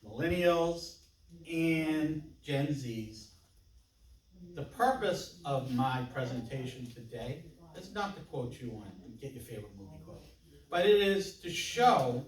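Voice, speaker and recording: A man in his sixties giving an interactive conference presentation, chatting and joking with the audience. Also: fairly high pitch. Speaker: conference speaker. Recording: roomy hall from a distance with audience murmur.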